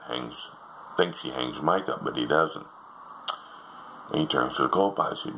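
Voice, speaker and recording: Older man, joke teller, folksy rambling, very deep voice, gravelly fry, faint hiss. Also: normal speed, long pauses, sharp tone, low-quality recording. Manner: folksy, meandering storyteller.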